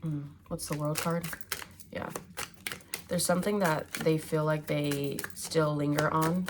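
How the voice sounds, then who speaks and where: A woman's voice: deep voice, a little mellow. A woman giving a casual tarot reading, musing aloud with hums and fillers as she turns each card. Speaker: tarot reader.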